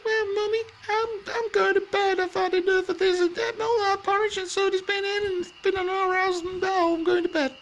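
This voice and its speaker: A squeaky sulky bear cub. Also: male voice, little pitch movement, fairly quick, few pauses, fairly bright tone, muffled recording, a little hiss or hum. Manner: whiny and sulky.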